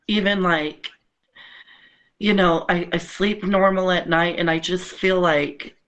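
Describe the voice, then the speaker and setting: A woman speaks openly as a podcast guest, her words earnest and halting. She often circles back and restarts her sentences, talking from her own apartment. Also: fairly low pitch, a bit bright, rough recording. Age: adult with children. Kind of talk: candid personal conversation. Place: home apartment.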